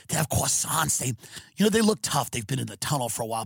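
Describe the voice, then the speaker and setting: A man hosting a podcast, animated and excitable, riffing through a comic rant with many restarts. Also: mid-range voice, fast, gravelly, breathy edge, no echo, clean studio sound. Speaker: comedian podcast host.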